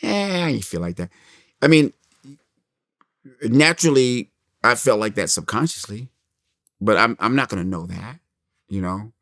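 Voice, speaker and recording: Gravelly-voiced middle-aged man telling stories. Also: fairly low pitch, unhurried, long pauses, dry recording, clean studio sound. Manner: animated storyteller, acts out quotes. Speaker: interview guest, comedian. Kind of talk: storytelling in an interview.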